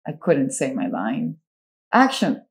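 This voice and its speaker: A woman hosting a casual chat, animated and quick to laugh, often restarting her sentences. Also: a bass voice. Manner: animated and giggly, with frequent restarts.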